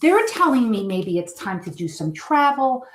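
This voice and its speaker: A woman's voice: fairly high pitch, big pitch swings, normal speed. A woman giving a live tarot reading, chatting in a rambling, emotional, effusive way. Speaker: tarot reader. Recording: echoey room.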